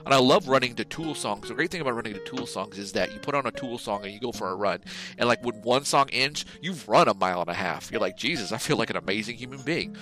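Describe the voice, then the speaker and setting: A man's voice: medium pitch, animated, fast talker, pushed and bright, faint music behind, rough recording. A man co-hosting a casual podcast, talking in a rambling, profane, jokey way. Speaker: podcast co-host. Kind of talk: casual chat, reading a joke ad.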